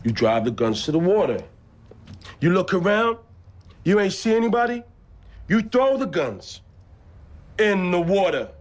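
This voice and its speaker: A man's voice: sits high, sing-song. An actor playing an intense man from the Baltimore streets giving urgent orders, in a clip from a TV drama. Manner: urgent, forceful, rapid.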